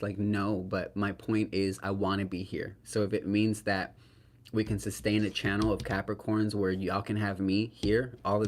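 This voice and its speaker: A man giving a solo tarot reading to the camera. He is earnest and emotional, speaks to viewers as "y'all", often asks "right?" and talks in spiritual terms. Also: fairly low pitch. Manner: spiritual, invokes Spirit and archangels. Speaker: tarot reader.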